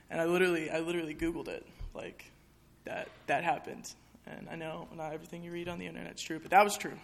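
A woman's voice: deep voice, very animated, fast, creaky, a little hiss or hum. A young woman speaking candidly to an audience in a chapel, sharing a personal testimony in a conversational way with many fillers.

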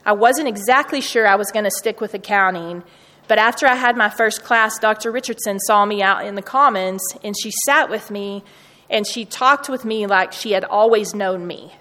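A woman's voice: medium pitch, moderate pace, pushed and bright. A woman speaking earnestly to students, telling personal stories from her university work. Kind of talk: storytelling talk to students. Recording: long hall reverb.

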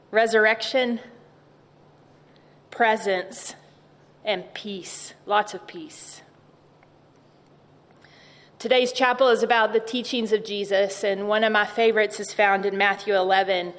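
Woman, chapel speaker; unhurried, soft, reflective delivery; echoey hall sound. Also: mid-range voice. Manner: gentle, reflective, repeats key words. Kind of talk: devotional chapel talk.

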